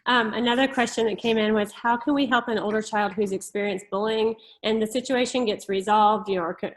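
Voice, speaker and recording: A woman moderating a video call, relaying questions from the group in a friendly, quick way. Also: mid-range voice.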